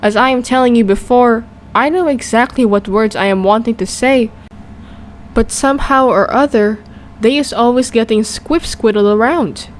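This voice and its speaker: A woman voicing a big, gentle, friendly male giant who talks earnestly in jumbled, mangled grammar. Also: fairly high pitch, normal speed, a little hiss or hum, voice pushed up, natural voice. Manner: earnest, eager to please.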